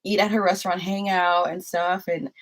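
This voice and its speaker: A young woman vlogging straight to her viewers and telling a personal story. Her voice sits a little lower than most women's. She talks in an animated, rambling way, packed with fillers and asides. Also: moderate pace. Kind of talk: casual storytelling to camera.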